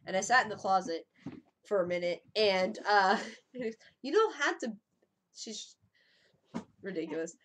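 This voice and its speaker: A woman's voice: medium pitch, lively intonation, measured pace, long pauses, fairly bright tone. A woman in her thirties hosting a casual live stream, rambling, swearing freely and giggling as she talks into a webcam mic. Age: 30s. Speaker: livestream host.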